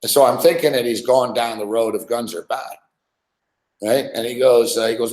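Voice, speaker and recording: A man's voice: mid-range voice, moderate pace, a little mellow. A man hosting a podcast, telling a story in a loose, profane way and laughing often as he goes. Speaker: podcast host. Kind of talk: casual storytelling. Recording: echoey room.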